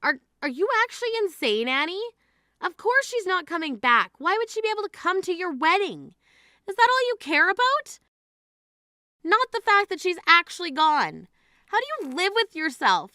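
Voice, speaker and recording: A stern, indignant grieving sister, played by a woman in a dramatized text-message story, scolding with a high, bright, sharp-edged voice. The recording is dry and close, with no room sound. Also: sing-song, fairly quick, no echo, full character voice. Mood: outraged. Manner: scolding, exasperated.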